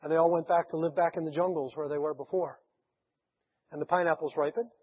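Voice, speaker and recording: High-voiced man telling a story in an echoey hall. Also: steady tone, fast talker, slightly rough. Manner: chuckling storyteller acting out the people he quotes. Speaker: preacher. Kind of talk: sermon storytelling. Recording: echoey hall, dull lo-fi sound.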